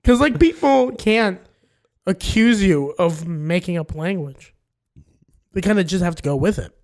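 A man's voice: sits high, expressive, a little slow, darkish tone. A man co-hosting a comedy podcast, chatting casually and joking around. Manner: joking, rambling, playful. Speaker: podcast co-host.

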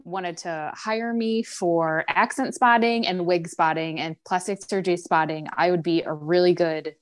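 A woman's voice: fairly low pitch, steady tone, moderate pace. A woman co-hosting a podcast in casual chat, opinionated and emphatic. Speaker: podcast co-host.

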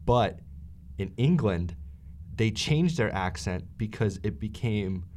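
A man's voice: lowish voice, animated, slow pace, darkish tone, a little hiss or hum. A man co-hosting a casual podcast, playfully laying out a theory at length. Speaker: podcast co-host. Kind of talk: casual chat.

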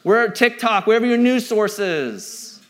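A man in his thirties preaching a sermon in a joking, conversational way, swinging from loud to quiet. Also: high-pitched, lively intonation, a little slow, background noise. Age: 30s. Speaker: pastor.

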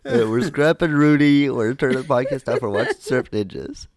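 A man co-hosting a podcast in casual chat, making dry, deadpan asides. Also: medium pitch, normal speed, no echo. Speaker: podcast co-host.

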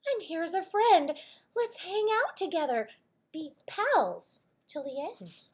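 A woman voicing a small, timid but hopeful boy mouse in a storybook reading, squeaky, eager and nervous. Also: very animated, slow pace, full character voice. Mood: friendly. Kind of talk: storybook read-aloud.

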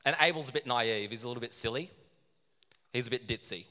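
A man's voice: medium pitch, brisk. Man joking through a Bible story. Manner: animated, joking, laughs at himself. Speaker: speaker. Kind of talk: comic Bible story retelling. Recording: reverberant hall.

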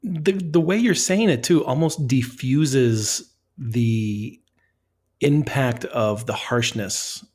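A man's voice: mid-range voice, slow pace, darkish tone, husky. A man interviewing people, curious and thoughtful, openly amused by the answers. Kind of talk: casual interview questions.

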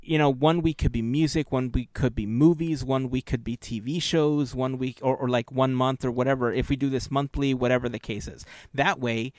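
An eager man co-hosts a casual podcast, pitching ideas as he thinks aloud with plenty of fillers. His voice sits at an ordinary middle pitch. The recording is dry and close. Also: steady tone, moderate pace, hardly any pauses, no room sound. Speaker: podcast co-host.

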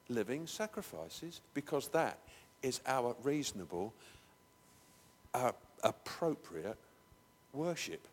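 A man's voice: medium pitch, sing-song, slow. Man preaching in a reverberant church. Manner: conversational, rises to emphatic bursts. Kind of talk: sermon. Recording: long hall reverb.

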